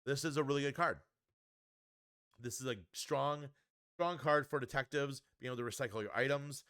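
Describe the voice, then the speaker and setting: An upbeat man talks through a card game review in a relaxed, chatty way, often pausing on an um or restarting a phrase. His voice sits in an ordinary middle pitch for a man. The sound is dry and close, with no room around it. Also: clear, resonant tone, dry recording. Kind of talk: casual spoken card review.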